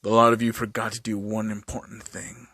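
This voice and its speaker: A man's voice: lowish voice, monotone, a little fast, sharp tone, dry recording, clean studio sound, pitched below the performer's own voice. A man reading a sleepy, bored male teacher. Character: tired, lazy male teacher, blunt and dry.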